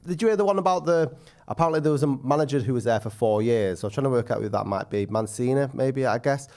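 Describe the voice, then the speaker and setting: A man co-hosting a casual podcast, telling stories in an animated, joking way. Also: medium pitch, quick pace. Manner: animated, jokey, fond of doing accents. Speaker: podcast co-host. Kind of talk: casual live-stream chat.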